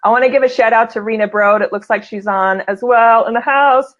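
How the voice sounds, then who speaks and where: A woman's voice: fairly high pitch, steady tone, brisk, lo-fi sound. A woman hosting a casual live-stream talk show, laughing often and reading out viewer comments. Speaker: host.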